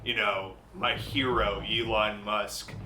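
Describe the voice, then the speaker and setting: A man's voice: lowish voice, little pitch movement, slow, pushed and bright, slight background noise. A man co-hosting a casual podcast, talking in a playful, profane, rambling way. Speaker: podcast co-host. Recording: roomy echo.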